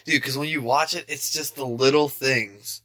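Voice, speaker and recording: A young man co-hosting a podcast in casual chat, laid-back, swearing often and laughing as he acts out quotes in higher voices. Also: steady tone, normal speed, sharp tone. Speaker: podcast co-host.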